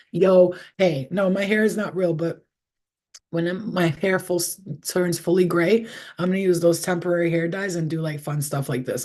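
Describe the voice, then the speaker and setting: A woman's voice: on the low side, warm tone. A middle-aged woman reads tarot on a casual livestream and swears freely. She talks in loose, rambling asides, candid and unpolished. She sounds like she is recorded on a simple webcam or phone mic in her own room. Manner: profane, candid, rambling storyteller. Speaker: tarot reader. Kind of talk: casual live tarot reading chat.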